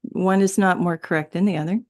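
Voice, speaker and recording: A woman's voice: fairly low pitch, steady tone, fairly quick, a little mellow. A woman guest in a casual spiritual conversation, rambling and laughing often, with many restarts. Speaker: interview guest.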